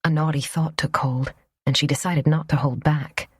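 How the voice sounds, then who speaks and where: A woman narrating a romance audiobook in a soft, even storytelling voice. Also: low-pitched, normal speed, husky, dry recording, clean studio sound.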